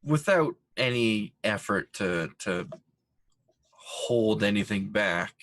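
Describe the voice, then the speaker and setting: A man playing in a tabletop game, speaking slowly and hesitantly. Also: on the low side, lively intonation, a bit bright, dry recording. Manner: slow and hesitant. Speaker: player. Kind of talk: tabletop role-play.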